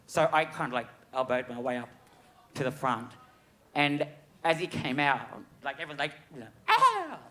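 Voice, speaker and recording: A man in his forties, a panel guest on a live comedy quiz show, telling an animated, sweary story with shrieking quoted voices. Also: medium pitch, normal speed. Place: live music venue stage.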